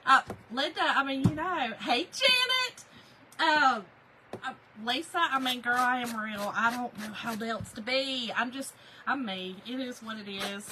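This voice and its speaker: A woman's voice: fairly high pitch, measured pace, background noise. A middle-aged woman, chatting on a crafting livestream, laughing often and greeting viewers by name.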